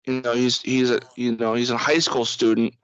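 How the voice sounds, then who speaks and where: A man's voice: mid-range voice, little pitch movement, moderate pace, a bit bright, clear, resonant tone, no echo, dull audio. A man co-hosting a casual podcast chat, blunt and opinionated, laughing often. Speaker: podcast co-host. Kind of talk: casual chat over a call.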